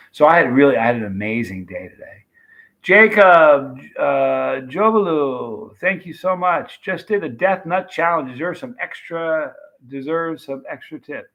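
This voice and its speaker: Man, livestream host, gravelly voice, rambling, reads chat comments. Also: mid-range voice, a bit bright. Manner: chatty, rambling, thanks viewers by name. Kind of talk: casual live chat reading comments.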